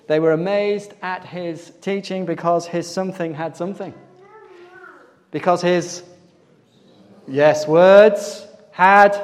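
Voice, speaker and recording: A man giving a church Bible talk, pitched somewhat high for a man, quizzing the congregation to fill in the gaps as he goes. His voice rings with the long reverb of a church hall. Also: darkish tone. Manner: quizzing listeners to fill in missing words. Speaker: preacher.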